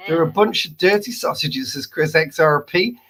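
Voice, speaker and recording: Lively gravelly-voiced host reading live comments. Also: mid-range voice, normal speed. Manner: chatty, playful, reads comments aloud. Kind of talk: casual live-stream chat. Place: indoor room at home.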